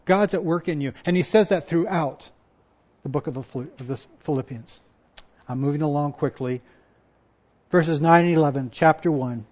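A male pastor giving a sermon, moving from quiet personal reflection to loud, emphatic repetition. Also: fairly high pitch, moderate pace. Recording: dull lo-fi sound.

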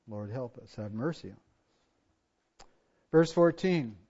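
A pastor preaching a sermon, swinging from hushed asides to loud emphatic points. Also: male voice, mid-range voice. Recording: dull lo-fi church recording.

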